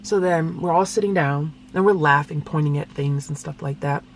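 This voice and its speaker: A woman vlogger and single mother, telling a family story in a casual, animated way and sometimes acting out voices. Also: sits low, moderate pace, slight background noise. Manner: animated, acts out voices, laughs through the telling.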